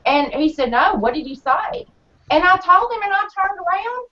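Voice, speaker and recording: A woman in casual chat, a blunt, animated storyteller who acts out her arguments. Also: very high voice, moderate pace. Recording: dull lo-fi audio.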